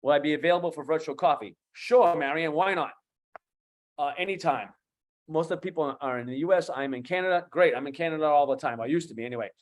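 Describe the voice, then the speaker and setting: A man in his fifties with a Boston accent, speaking as a guest coach on an online talk show, animated and emphatic, repeating key phrases. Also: fairly high pitch, quick pace. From USA. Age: 50s.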